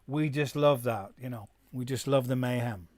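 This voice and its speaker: A man's voice: mid-range voice, moderate pace, darkish tone, no echo. A middle-aged man, a musician hosting his own live stream, chatting in a rambling way and reading out viewer comments. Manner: rambling, reads chat comments aloud, drops into German. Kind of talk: casual live-stream chat.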